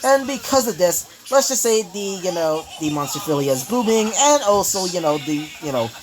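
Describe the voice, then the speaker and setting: A man narrates a fan story casually, rambling along with constant fillers and restarts. His voice sits a little high. His pitch swings widely. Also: very animated, normal speed, noisy background.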